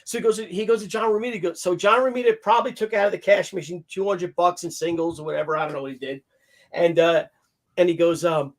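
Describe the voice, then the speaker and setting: A man with a high voice tells a long, profane anecdote in relaxed talk-show chat. He jumps in and out of quoted voices, pushing his pitch up and down as he acts out each person in the story. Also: fast. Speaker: podcast guest telling an anecdote. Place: hotel stories; recorded on a video call show.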